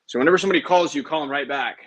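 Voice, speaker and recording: A man's voice: on the high side, rapid-fire, a bit bright, low-quality recording. Chatty young man live-streaming sales calls. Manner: chatty, upbeat, talks to viewers and then dials prospects. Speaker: insurance sales agent. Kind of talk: casual livestream chat between sales calls.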